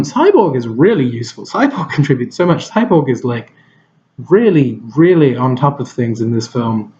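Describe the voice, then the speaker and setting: A man's voice: medium pitch, gravelly, a little mellow, dull audio. A man giving a casual film review, rambling and hesitant, with lots of fillers and restarts.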